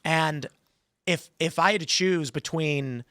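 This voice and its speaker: A man hosting a podcast, telling stories in an animated way and acting out the voices in them. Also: on the high side, slow, no room sound, clean studio sound. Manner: animated storyteller, acts out quoted voices. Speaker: podcast host. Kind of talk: casual talk-show chat.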